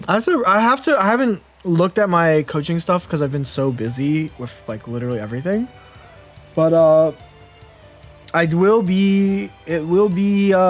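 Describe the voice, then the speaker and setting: A young man in his twenties doing casual live-stream commentary on a card game. He rambles, restarts his sentences and answers chat as he goes. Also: high-pitched. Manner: rambling, self-interrupting, chatty with viewers.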